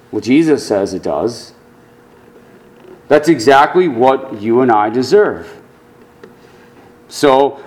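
A male pastor preaching a sermon, earnest, dropping to quiet low asides and rising to emphatic lines.

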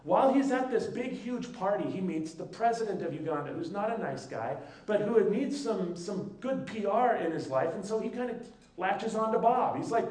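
High-voiced man preaching in an echoey hall. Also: moderate pace. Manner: lively storyteller who acts out the dialogue. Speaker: pastor. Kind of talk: sermon storytelling. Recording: echoey room, mic at a distance.

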